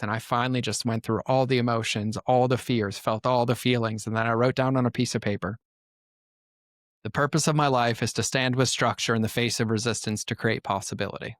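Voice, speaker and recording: A man's voice: mid-range voice, dry recording, clean studio sound. A man as a podcast guest, telling his life story in an earnest, emphatic way. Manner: earnest, emphatic, quick to act out quotes. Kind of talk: personal storytelling in conversation.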